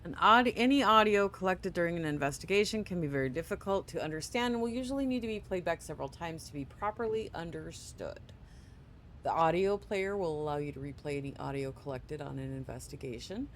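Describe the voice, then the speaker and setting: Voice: medium pitch, fairly bright tone, slight background noise. Sleepy gamer reading tutorial text aloud. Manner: reads on-screen tutorial text aloud with quick asides. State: sleepy, yawning. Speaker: gaming channel host. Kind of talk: casual let's play commentary.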